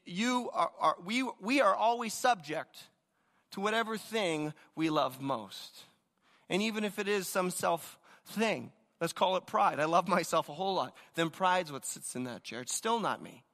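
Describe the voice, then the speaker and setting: Man, thirties, pastor, energetic sermon, stuttering restarts, bright voice, long hall reverb. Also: high voice. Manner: energetic, storytelling, repeats words when starting a thought.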